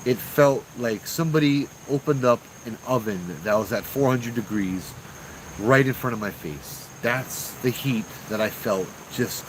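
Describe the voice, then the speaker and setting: A man tells a ghost story from his own life in loose, slangy talk. He is lively and acts out the people in the story. His voice sits at an ordinary pitch, with faint crickets chirping behind him. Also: a little slow, a little hiss or hum, rough recording. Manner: animated and slangy, acting out what people said. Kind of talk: casual spoken ghost story.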